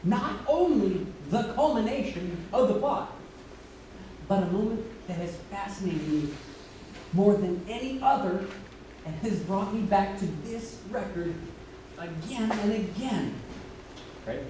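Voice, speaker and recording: An actor on stage playing a wistful, musical-loving man who talks to the audience in a chatty, halting way. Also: high voice, lively intonation, mellow, a little hiss or hum. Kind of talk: stage monologue. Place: theater stage. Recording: distant echoey stage recording.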